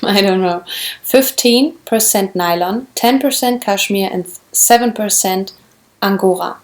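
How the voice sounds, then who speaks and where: Her voice sits in the mid range and she talks a little slowly. She's a German woman with a German accent vlogging about knitting in English, casually showing things off, raving about yarn and restarting often.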